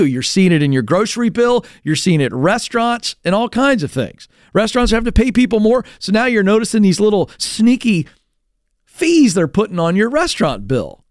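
A fired-up male talk radio host with a high voice that leaps all over the place. He talks in a quick, animated way and slips into mocking impressions of other people. The sound is close and dry, with no room around it. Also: dry recording. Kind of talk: energetic talk radio commentary.

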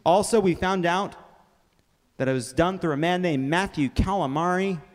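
A man's voice: high-pitched, normal speed, noisy background. A man hosting a comedy news show, delivering a live monologue with bursts of laughter. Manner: energetic, breaks into laughter. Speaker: host. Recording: reverberant live venue.

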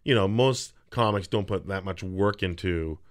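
A man's voice: low voice, moderate pace. A man who does stand-up comedy, chatting in an easygoing way on a radio show and laughing along. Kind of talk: casual radio interview chat.

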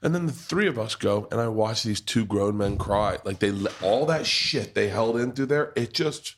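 A man's voice: fairly low pitch, animated, normal speed, few pauses. A man hosting a casual chat in a pub, telling a family story with frequent laughter. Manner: storytelling, laughs often, restarts. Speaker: podcast host.

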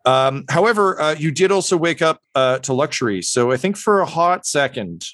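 A man's voice: a little high, expressive, normal speed, a bit bright, no room sound. A man narrating a tabletop game as game master, hesitant with many "um" and "uh" fillers.

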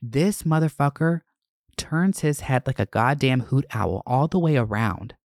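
A man rants straight into his phone about his week, cursing freely as his voice leaps higher in surges. The sound is dry and close with no room around it. His register is middle for a man, while the delivery is lively and loose. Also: dry recording. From Atlanta area. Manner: profane, animated, quick bursts of rising pitch. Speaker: content creator. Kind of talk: casual storytime rant.

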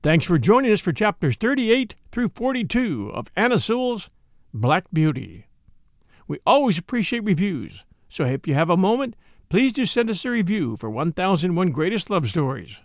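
A man narrating a classic novel as an audiobook, telling the story expressively. His voice sits high and swings widely in pitch. The sound is close and dry. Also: very animated, normal speed, dry recording. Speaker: narrator and show host.

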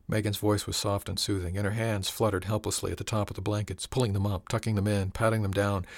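A man narrating an audiobook in a steady, even storytelling manner. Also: fairly low pitch, fairly quick, hardly any pauses, no room sound, studio quality.

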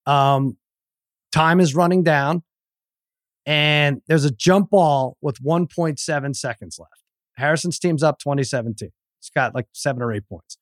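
Man, middle-aged, podcast guest, stammering storyteller, slightly high voice, dry close sound. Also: a little slow, no room sound. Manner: animated storyteller, stammers, acts out quotes. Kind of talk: casual chat, storytelling.

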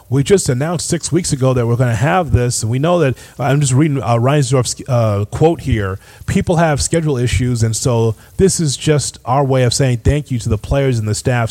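A man's voice: mid-range voice, warm tone. Exasperated male sports podcast host. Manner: exasperated, emphatic, ranting. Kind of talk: opinionated sports commentary.

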